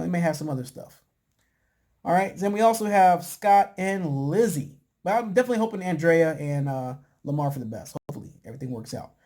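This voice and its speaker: Laid-back chatty man, slightly high voice. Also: mellow. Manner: acts out quotes in a higher voice. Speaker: podcast host recapping a reality show. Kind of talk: casual chat.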